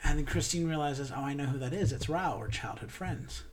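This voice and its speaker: A woman's voice: deep voice, brisk, a little mellow. A woman co-hosting a casual chat, animatedly retelling a musical's plot and acting out the characters' lines. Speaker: podcast co-host.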